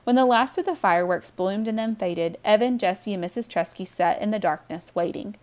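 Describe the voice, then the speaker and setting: A woman reading a children's novel aloud with warm, expressive storytelling. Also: medium pitch, a little fast. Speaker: audiobook reader.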